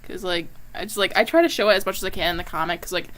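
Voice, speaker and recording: A woman's voice: fairly low pitch, rapid-fire, background noise. Chatty woman drawing on stream. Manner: chatty, many fillers, drifts into soft asides. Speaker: comic artist and streamer. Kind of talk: casual chat while drawing on stream.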